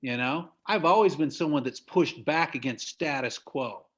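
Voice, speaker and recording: A man's voice: a little high, normal speed, a bit bright, breathy edge. A middle-aged man from the United States giving an emphatic motivational business talk over a video call. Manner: emphatic, preachy, laughs at own stories. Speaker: business trainer.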